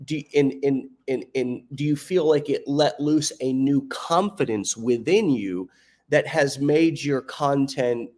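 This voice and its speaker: A male podcast host asks his guest long, searching questions. He circles back and rephrases as he talks. His voice sits at an ordinary middle pitch. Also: a little mellow. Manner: rambling, rephrases questions as he goes. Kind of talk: interview question.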